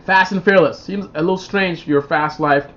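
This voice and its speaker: A man with a fairly high voice hosts a casual live stream, reading viewer comments and rambling through stories. His talk is loose and animated. The audio is dull and lo-fi. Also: normal speed. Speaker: livestream host.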